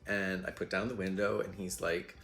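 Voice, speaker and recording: A man with a low voice tells stories in a loose, chatty way, rambling along with plenty of fillers and self-deprecating asides. Faint music sits behind him. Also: level tone, moderate pace, fairly bright tone. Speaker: host. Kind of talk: casual storytelling monologue.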